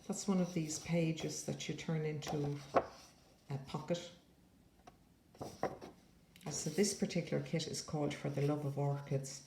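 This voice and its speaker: A woman's voice: sits low, fairly even intonation, moderate pace, vocal fry, noisy background. A woman casually showing paper crafts in a chatty, rambling way with playful asides. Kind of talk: casual show-and-tell flip-through. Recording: echoey room.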